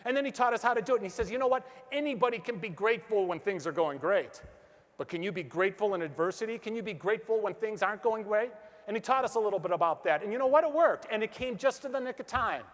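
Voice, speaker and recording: High-voiced motivational speaker in a hall. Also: male voice, quick pace. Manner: energetic storytelling, acts out quotes, asks the crowd questions. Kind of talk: motivational stage speech. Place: large hall with an audience. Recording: hall reverb from a stage.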